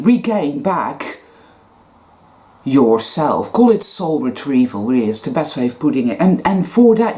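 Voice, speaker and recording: A woman's voice: deep voice, dark tone. A woman giving a blunt, profane, emphatic spiritual rant to camera. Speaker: spiritual vlogger. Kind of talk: ranting spiritual monologue.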